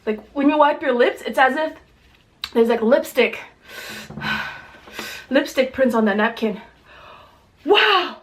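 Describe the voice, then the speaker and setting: A woman hosting a casual food vlog at home, chatty and excitable as she eats and describes each dish, teary from spicy food. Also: high-pitched, takes it slowly, pauses often. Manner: chatty, excitable, exclaims often. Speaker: mukbang host.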